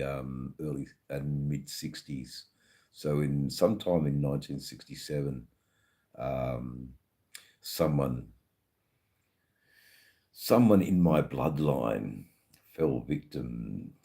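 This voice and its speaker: A man in his fifties with an Australian accent chats casually on a live stream, reading out viewer comments. He's laid-back, swears freely, says um a lot and uses plenty of Aussie slang. His very deep voice is mellow with a breathy edge.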